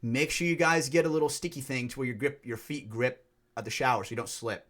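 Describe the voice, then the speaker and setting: A young man co-hosting a casual podcast, telling stories in an animated, profane way. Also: mid-range voice, quick pace. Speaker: podcast co-host.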